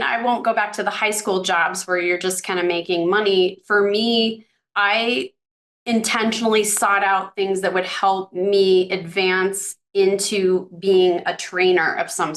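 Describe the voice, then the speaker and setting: A career coach in her fifties guests on a podcast over a video call, reflectively telling stories about her career. Her mid-range voice has a fairly bright tone, and the casual conversation is chatty, with restarts.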